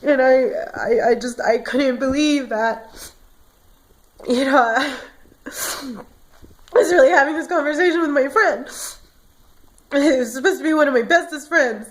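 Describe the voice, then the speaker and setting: A woman's voice: high-pitched, a little slow, long pauses. A woman vlogging about how she feels, ranting emotionally, tearful at times and stumbling over repeated words. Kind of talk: emotional personal vlog.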